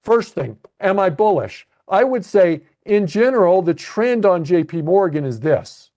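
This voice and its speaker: A man's voice: sits high, expressive, unhurried, warm tone. A man coaching a live webcast lesson on options trading, thinking aloud as he clicks through trades on his screen and checks in with "okay?". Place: at a computer narrating a screen share.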